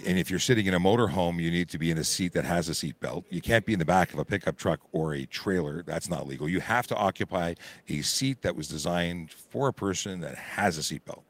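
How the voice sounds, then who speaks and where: A Canadian police constable with a hoarse, low voice calls in live to a radio show from a busy auto show. He explains traffic rules in an informal way.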